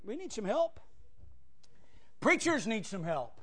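A male pastor preaching a fiery sermon, swinging from loud cries to hushed asides. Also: high-pitched, sing-song, takes it slowly.

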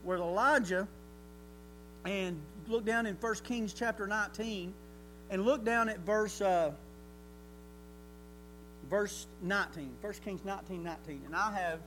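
A man preaching a sermon, telling the story in a folksy, animated way that builds to near shouting. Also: sits high, a little slow, long pauses, a little hiss or hum, poor audio.

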